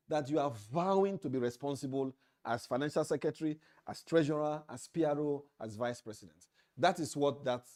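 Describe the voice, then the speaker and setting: A man with a Nigerian English accent delivers a leadership training lecture to officials. His voice is mellow and warm, and he speaks emphatically. He hammers his points home by repeating key phrases. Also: medium pitch. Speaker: leadership trainer at an association meeting. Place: meeting hall.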